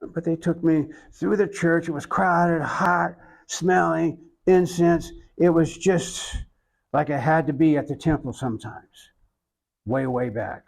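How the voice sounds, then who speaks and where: An older man with an Oklahoma accent, an interviewee who tells his story slowly and reflectively, with many pauses. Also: a little high, fairly even intonation, vocal fry, rough recording. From Oklahoma, USA. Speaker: interviewee, iconographer.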